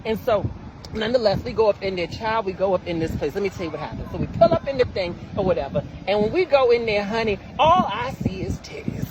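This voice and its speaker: Fast-talking animated storyteller man. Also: very noisy. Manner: flamboyant, exclaiming, with sudden high-pitched quoting. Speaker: host.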